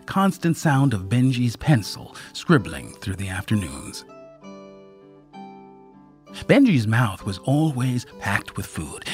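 A storyteller reading a story aloud, unhurried and expressive. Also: medium pitch. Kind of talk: storybook narration.

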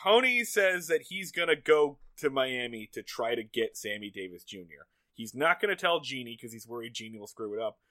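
A man's voice: medium pitch, very animated, a little fast, hardly any pauses, a bit bright, no echo. A man co-hosting a casual podcast, recapping a TV episode with jokes, swearing and sarcastic asides. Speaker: podcast co-host.

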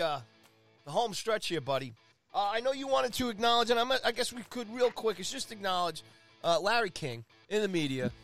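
A man with a high, fairly bright voice co-hosts a sports podcast. In chatty, jokey fashion he rattles off league standings, rambling with fillers and tossing in asides.

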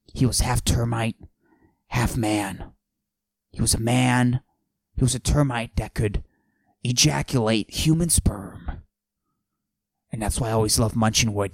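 A man playing a boastful macho character, pushing his voice low and husky and often dropping to a whisper while he brags deadpan. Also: no echo. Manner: boastful, deadpan absurd bragging. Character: cocky macho man with a forced deep voice. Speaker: podcast host. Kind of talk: comic character monologue.

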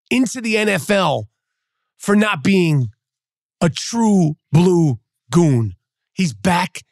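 Gravelly man ranting profanely. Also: high-pitched, no echo, clean studio sound. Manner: profane, mocking, trash-talking. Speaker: podcast host. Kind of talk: sports rant.

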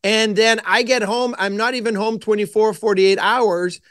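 A man, a podcast guest telling lively anecdotes with frequent restarts. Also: sits high, normal speed, smooth, no room sound, clean studio sound. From Quebec, Canada. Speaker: guest, former goaltender. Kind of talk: casual storytelling interview.

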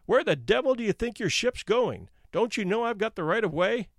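A man voicing an enraged ship's officer shouting through fog in a read-aloud tale. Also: high-pitched, animated, moderate pace, no room sound, studio quality, pitched above the performer's own voice, full character voice. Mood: roaring. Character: furious male tramp steamer officer roaring.

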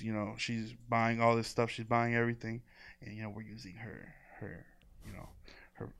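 A man's voice: mid-range voice, no room sound. Laughing man telling stories. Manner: laughing storyteller, acts out quoted voices. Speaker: podcast guest. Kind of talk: casual chat.

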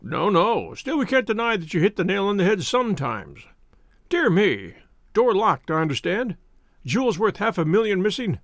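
A husky, wheezing police inspector, stout and full of himself, booms his theories in an audiobook reading, as a man puts him on. His pitch leaps high and swings all over the place, with a gravelly edge. The sound is close and dry. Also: very animated, normal speed, no room sound, exaggerated voice. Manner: pompous, loud and boastful. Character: stout blustering middle-aged police inspector. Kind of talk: audiobook character voice.

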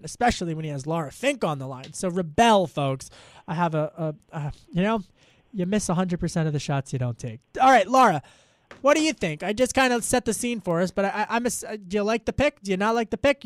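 High-voiced chatty male news anchor. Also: no echo. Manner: chatty, self-deprecating, many restarts. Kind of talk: live news commentary.

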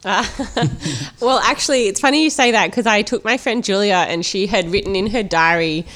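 A woman's voice: mid-range voice, normal speed, a bit bright. A woman talking casually about a film she reviewed, chatty with lots of fillers and restarts. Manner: chatty, laughs often, many fillers and restarts.

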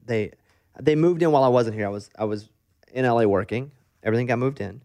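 A man hosting a casual interview, telling stories fast and animatedly, acting out quoted voices. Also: medium pitch, mellow. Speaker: radio host.

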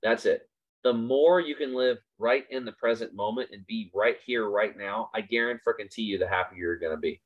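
At a moderate pace and with a lowish voice, a man hosts a casual pep talk, speaking emphatically and circling back to repeat key points. The recording is lo-fi and somewhat dull.

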